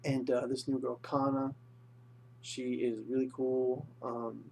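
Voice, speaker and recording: A man's voice: mid-range voice, flat delivery, slow, gravelly, a little mellow, slight background noise. A young man casually recapping and reviewing an episode, rambling with lots of fillers. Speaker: anime reviewer.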